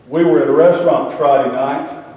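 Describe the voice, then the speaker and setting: A man's voice: a little high, steady tone, brisk, a little mellow. An older man giving a folksy sermon, telling a Bible story with humorous asides. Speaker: preacher. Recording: echoey hall, distant mic.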